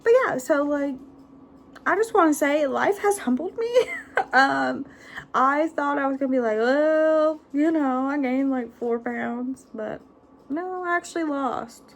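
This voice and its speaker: A woman's voice: high voice, unhurried. A woman, chatting casually in a rambling vlog and laughing often. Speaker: vlogger. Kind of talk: casual chat.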